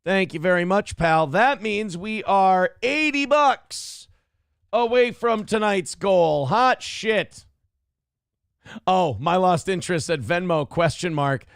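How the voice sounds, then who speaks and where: A man's voice: high-pitched, slow, smooth, dry recording, studio quality. A man hosting a live-streamed talk show who reads out donations in a rambling, profane, self-deprecating way. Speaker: show host.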